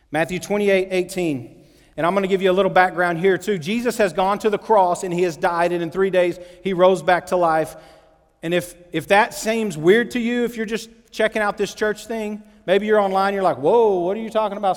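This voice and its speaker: A man preaching a sermon in a church, lively and acting out the quotes with big swings in pitch and loudness. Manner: animated, acts out quotes with shifting pitch and volume. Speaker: pastor. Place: church sanctuary. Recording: long hall reverb.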